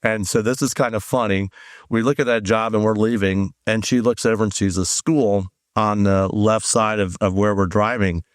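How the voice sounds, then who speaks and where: Man, low voice, guest giving a rambling personal testimony, dry close sound. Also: moderate pace, no room sound. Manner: rambling, animated storytelling with many fillers. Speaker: guest sharing his testimony. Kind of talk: conversational testimony.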